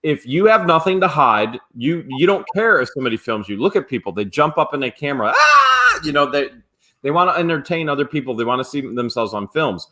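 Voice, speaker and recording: A man's voice: medium pitch, expressive, quick pace, sharp tone. A man in casual conversation as a show co-host, explaining his views at length in a rambling, opinionated way. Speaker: co-host of a live reseller show. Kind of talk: casual chat.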